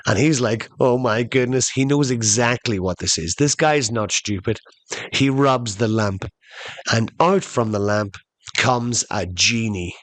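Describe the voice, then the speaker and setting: A man with a lowish voice telling a comic story as a podcast host, chatting straight to his listeners. He takes his time, drawing each beat out slowly. The sound is close and dry, with no room echo. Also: a bit bright. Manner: conversational, addresses listeners as "folks".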